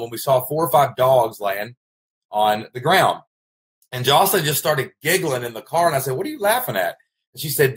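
A man's voice: mid-range voice, a bit bright. Kentucky guy rambling folksy on his vlog, emphatic, repeats stuff. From Kentucky, United States. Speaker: host, online business coach. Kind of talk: casual storytelling vlog.

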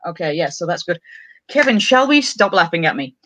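A woman's voice: on the low side, big pitch swings, a little fast, sharp tone. A woman hosting a casual live-streamed chat show. She is bubbly and scattered and laughs often. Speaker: livestream show host.

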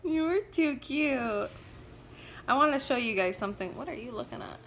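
A woman's voice: high-pitched, animated, moderate pace, heavy background noise. A woman at home talking to her baby in a casual vlog, cooing in sing-song baby talk. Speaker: mother and vlogger.

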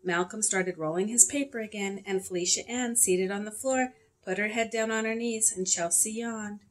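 A woman's voice: mid-range voice, normal speed, low-quality recording. Woman reading a children's book aloud. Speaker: read-aloud narrator.

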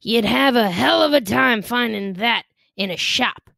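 A woman's voice: on the high side, animated, measured pace, gravelly, bright, forceful tone, no room sound, exaggerated voice. A woman voicing a suspicious bearded man at a bar, drawling and sure of himself.

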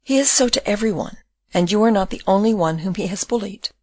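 A woman reading the part of a condemned young man in prison, speaking in a tender, calm and consoling way. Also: medium pitch, fast, dry recording, close to an everyday voice.

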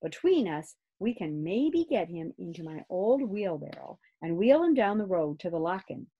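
Woman reading a calm old grandpa, low, gravelly, soft-spoken. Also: moderate pace, muffled recording, exaggerated voice.

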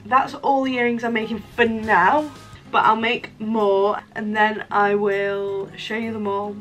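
A woman's voice: mid-range voice, steady tone, measured pace, a bit bright, soft background music, low-quality recording. A young woman talking casually in a crafting vlog, chatty and joking with self-mocking asides. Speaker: crafting vlogger.

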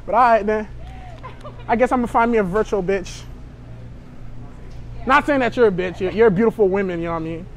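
A man's voice: high voice, brisk, long pauses, a little hiss or hum. A young man chatting brashly to strangers in a store, joking and provoking as a prank vlogger. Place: inside a store.

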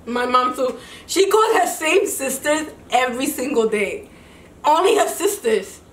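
A woman's voice: high voice, animated, measured pace. A young woman co-hosting a casual group chat, talking in slang and laughing as she chimes in. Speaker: co-host. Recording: echoey room, mic at a distance.

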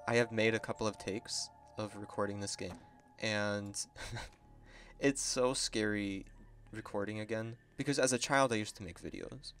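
This gaming video creator has a lowish male voice and delivers excitable, chatty commentary on gameplay, laughing frequently.

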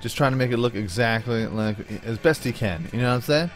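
A man's voice: mid-range voice, fairly quick, faint music behind. A man hosting a let's-play, chatting casually in slang, rambling and talking to himself as he plays. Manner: excitable, slangy, rambling, talks to himself while playing. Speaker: gaming channel host.

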